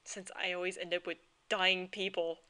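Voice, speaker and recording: A woman's voice: fairly low pitch, little pitch movement, normal speed, pushed and bright, smooth, poor audio. A woman co-hosting a let's play, chatting playfully and giggling between bits of dialogue. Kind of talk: casual chat over gameplay. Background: game music.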